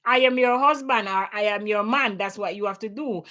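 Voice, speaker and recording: A woman's voice: medium pitch, moderate pace, pushed and bright, natural voice. A Jamaican woman voicing a bossy, demanding husband in a commanding tone.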